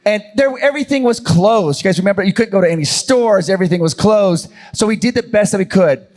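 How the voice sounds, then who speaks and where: A man hosting a convention panel, telling stories in a chatty, animated way. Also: high-pitched, fast talker. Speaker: panel host and channel creator. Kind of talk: casual storytelling on a convention panel.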